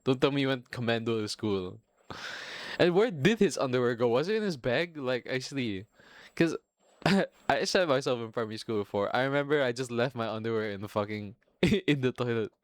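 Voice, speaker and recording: A young man rambles through a crude story for his podcast, swearing freely and breaking into laughter. His voice sits at a medium pitch. It is recorded dry and close with no room sound. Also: lively intonation, fairly quick, no room sound. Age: young adult. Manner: laughing often, profane, rambling with restarts. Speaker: podcast host. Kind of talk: casual storytelling monologue.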